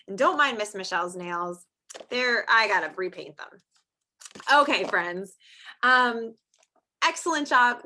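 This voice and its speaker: Bright-voiced lady teacher, sing-songy, slow and stretched for little kids, sounds like a video call. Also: a little high. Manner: sing-song, drawn-out teacher talk for young children. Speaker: preschool teacher. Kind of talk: online small-group phonics lesson. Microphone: screen-share video call.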